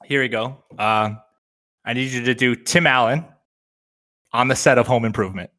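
Bright-voiced man giving impression prompts. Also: mid-range voice, steady tone, normal speed. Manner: giggly, hands out impression prompts. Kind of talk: casual comedic impressions banter.

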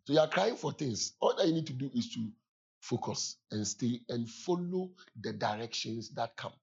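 A man with a husky, rough-edged voice preaches in a story-telling sermon, swinging between low, quiet asides and sudden loud shouts and laughs. The sound is dull and lo-fi, like an older recording. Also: lively intonation, normal speed.

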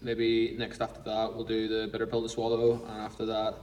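A man's voice: lowish voice, completely flat delivery, fairly quick, a little mellow, far from the mic, low-quality recording. A man co-hosting a podcast in casual chat, blunt and sweary as he rambles through stories. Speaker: podcast co-host.

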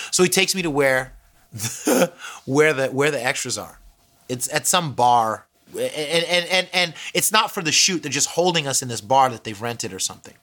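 A man telling a comic story, animated and acting out each character's voice. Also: mid-range voice, moderate pace. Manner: animated, acts out every character.

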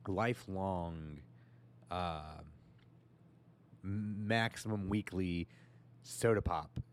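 A man's voice: low voice, steady tone, drawn-out words, slight background noise. A man in his forties from the United States, co-hosting a podcast in casual chat, hesitant and musing. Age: 40s. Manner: hesitant, musing, repeats words. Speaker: podcast co-host.

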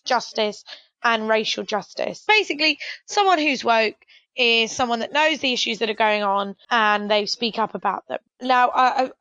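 A chatty British woman hosting a casual podcast, hedging her points and filling with "like". Her voice is fairly high. The recording is dry and a little dull. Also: fairly bright tone, no echo. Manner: chatty, hedging with lots of likes. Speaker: podcast host. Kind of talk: casual chat.

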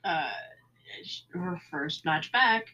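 A woman's voice: on the low side, animated, takes it slowly, sharp tone, breathy edge, muffled recording. A woman co-hosting a casual wrestling podcast, wry and given to sarcastic asides. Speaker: podcast co-host.

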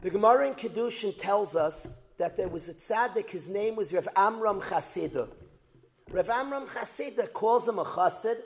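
A man teaching a religious lesson as a dramatic story, repeating phrases for emphasis and building to loud outbursts. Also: high-pitched. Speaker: Torah teacher. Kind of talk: storytelling lecture.

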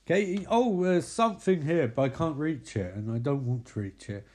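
A man giving a sardonic, profane, casual comedic recap full of quick asides. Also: fairly high pitch, lively intonation, dark tone.

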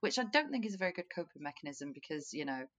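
A young woman chats on a podcast, her voice sitting low but rising and falling in lively sweeps. She jokes at her own expense and laughs easily, keeping the talk loose and friendly. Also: quick pace. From Wales. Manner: chatty, self-mocking, laughs often. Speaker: podcast co-host. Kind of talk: casual chat.

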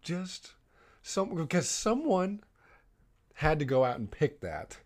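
A man's voice: on the high side, wildly swooping pitch, measured pace. A man telling a rambling holiday story in casual chat, with lots of "um" and "like.". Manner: rambling storytelling with many fillers.

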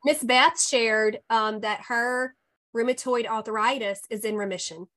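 A woman hosting a casual podcast chat, effusive and quick to laugh. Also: fairly high pitch. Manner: warm, effusive, laughs often. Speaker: podcast host and health coach.

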